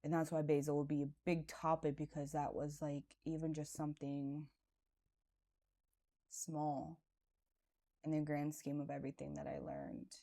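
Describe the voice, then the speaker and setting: A woman with a low, mellow voice speaks in a personal podcast monologue. She tells her story candidly and confessionally, in a loose, conversational way full of "like" and "right". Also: expressive, unhurried, long pauses. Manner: casual and conversational, with frequent "like" and "right". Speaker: podcast host.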